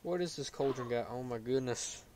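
A man playing a game on a video, commenting as he goes and yelling in frustration when he falls. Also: medium pitch, moderate pace, slight background noise. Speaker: gaming YouTuber.

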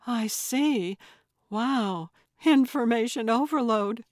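A woman's voice: fairly high pitch, slow, a little mellow, dry recording, clean studio sound, voice pushed up. A woman voicing an emotional adult daughter coming home, speaking breathlessly. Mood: flustered.

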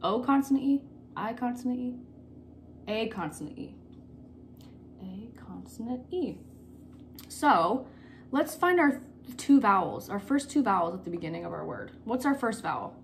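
A woman teacher giving a recorded phonics lesson to children, patient and repeating key words slowly. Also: a little high, lively intonation, creaky, slight background noise.

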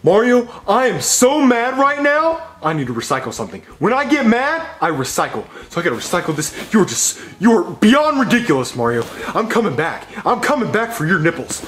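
A smug, taunting landlord. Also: male voice, wildly swooping pitch, brisk, few pauses, a bit bright, reverberant, full character voice. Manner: smug, taunting, swoops to low growls. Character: greedy pompous male landlord Mr. Goodman. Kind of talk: comedy puppet sketch.

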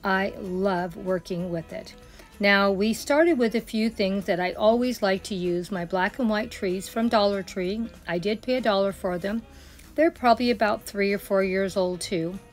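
A woman's voice: medium pitch, moderate pace, soft background music. An older woman chatting in a friendly way as a home decor vlogger. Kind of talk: casual decorating vlog.

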